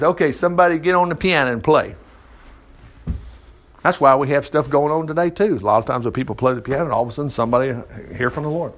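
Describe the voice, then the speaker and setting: A man's voice: on the high side, a bit bright. A man preacher reading a Bible passage aloud in a folksy way, breaking in often with his own asides. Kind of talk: Bible reading with running commentary.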